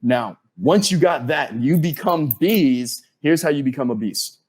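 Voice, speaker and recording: A man's voice: a little high, unhurried, husky. A man, a podcast guest, telling his career story with energy and acting out what other people said to him. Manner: animated storyteller who acts out quoted dialogue.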